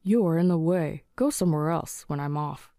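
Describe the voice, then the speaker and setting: In a storybook narration, a woman with a low, dark voice plays a cold, dismissive husband who wants a son, delivering his lines curtly and with scorn at a normal pace. The mood is contemptuous, and the studio-quality recording has no echo.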